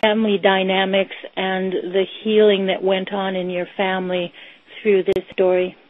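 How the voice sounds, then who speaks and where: A woman interviewing a guest, asking gentle, reflective questions. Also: mid-range voice, monotone, normal speed, no echo. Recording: dull lo-fi dry recording.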